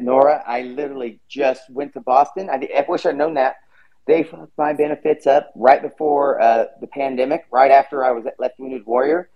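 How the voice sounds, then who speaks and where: A man's voice: mid-range voice, dull audio. A man hosting a podcast, chatting casually and rambling, swearing freely. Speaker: podcast host. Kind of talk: casual chat.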